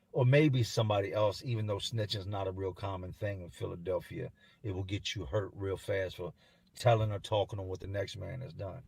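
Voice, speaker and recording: A man telling a first-person story in a somber, halting way, as if haunted. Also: on the low side, darkish tone, husky, no echo.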